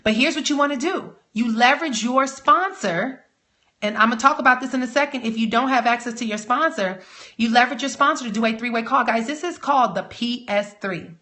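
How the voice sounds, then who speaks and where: A woman coaching network marketers in a live training talk, energetic and emphatic, rallying her audience. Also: a little high, a little fast.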